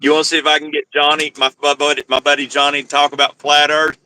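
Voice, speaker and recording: Excitable high-voiced man hosting. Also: quick pace, smooth. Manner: excitable, exclaims often. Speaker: host. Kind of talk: casual comedic chat.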